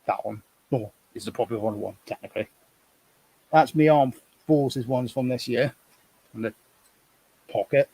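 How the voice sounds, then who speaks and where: A man's voice: medium pitch, normal speed, creaky, pauses often, dark tone, husky, dry recording. A man chatting casually on a live stream, rambling and thinking aloud as he sorts through things at home.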